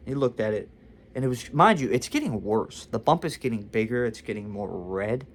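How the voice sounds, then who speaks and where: A man's voice: medium pitch, animated, brisk, a little hiss or hum. A young man vlogging a casual storytime, talking candidly and confessionally about his own experience.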